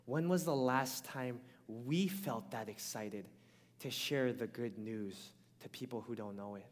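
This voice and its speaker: A man preaching a sermon, telling a personal story in an animated way and often checking in with the congregation with "right?". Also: mid-range voice, a little slow. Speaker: pastor. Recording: long hall reverb.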